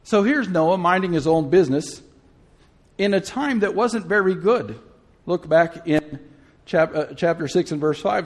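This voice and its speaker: A man delivers a sermon with a notably high voice. He talks to the congregation casually, asking questions and tossing in humorous asides. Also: lively intonation, moderate pace. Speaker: preacher.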